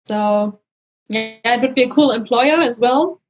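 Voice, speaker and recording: A woman's voice: fairly high pitch, unhurried, muffled recording. A woman guest on a podcast, chatting casually and laughing easily. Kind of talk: casual chat.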